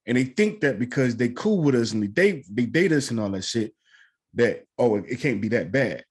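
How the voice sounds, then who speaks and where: Husky dude on a podcast, mid pitch, preachy and sweary, pushing his point hard. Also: expressive, moderate pace. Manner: earnest, lecturing, profane. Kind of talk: casual podcast chat.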